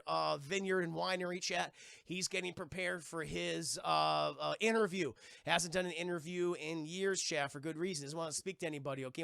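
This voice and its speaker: A man's voice: fairly high pitch, creaky, sharp tone, no room sound, studio quality. A young man giving a rambling, profane spoiler recap of a TV episode to his live chat. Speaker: TV review streamer.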